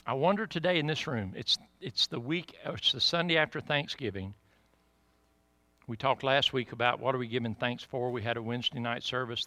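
A middle-aged man with a Southern US accent preaching a sermon in church, building to loud emphatic peaks and dropping to quiet, conversational asides. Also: medium pitch, dry recording. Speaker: pastor.

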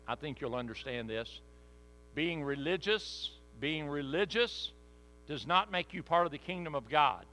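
Male pastor preaching a sermon, bright forceful tone, somewhat high pitch, dramatic scripture reading, mains hum behind. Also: low-quality recording.

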